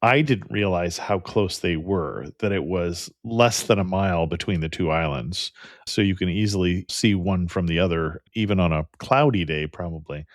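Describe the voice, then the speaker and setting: A man hosting a travel interview podcast, upbeat and quick to say "excellent" as he moves through his questions. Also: deep voice, no room sound, clean studio sound. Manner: upbeat, says "excellent" often. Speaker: podcast host. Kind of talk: casual interview.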